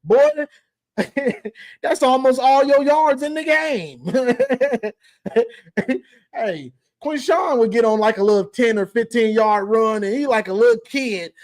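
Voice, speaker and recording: A man's voice: very high voice, lively intonation, slow. A man hosting a call-in sports show, teasing and laughing through a casual rant.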